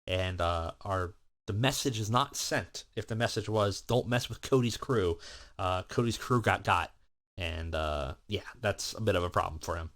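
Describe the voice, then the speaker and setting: A man's voice: deep voice, normal speed, fairly bright tone. A man giving casual, rambling commentary on a wrestling management game, with many filler words. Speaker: let's play host.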